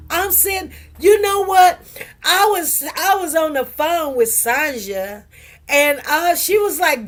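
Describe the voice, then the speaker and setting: A woman telling a story in casual chat, laughing often and acting out what others said. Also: high voice. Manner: animated, laughing, quotes others in changing voices. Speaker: host.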